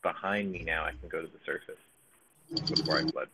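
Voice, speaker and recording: Deep-voiced man narrating gameplay. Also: fairly even intonation, fairly quick, very noisy. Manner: casual, profane, thinking aloud. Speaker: gaming streamer. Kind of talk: live gameplay commentary.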